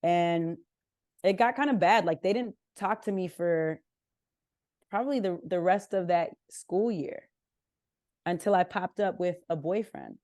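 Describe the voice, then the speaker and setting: A young woman from Southern California tells candid stories as a podcast guest, slipping into her family's voices. Her voice sits a little low, and it is recorded close and dry. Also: measured pace, dry recording. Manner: candid, animated, acts out family members' lines. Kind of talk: casual interview storytelling.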